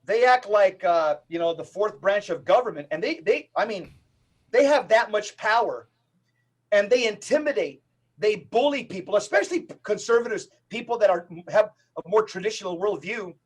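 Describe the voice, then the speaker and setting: Very high-voiced emphatic man. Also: lively intonation, breathy edge. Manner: emphatic, preacher-like rapid-fire delivery. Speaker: Catholic evangelist guest. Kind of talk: podcast interview.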